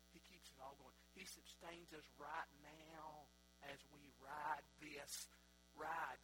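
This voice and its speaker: High bright-voiced preacher guy, loud then hushed, faint hum behind. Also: rough recording. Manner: preaching with big swings from loud exclaiming to quiet. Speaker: pastor. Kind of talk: sermon.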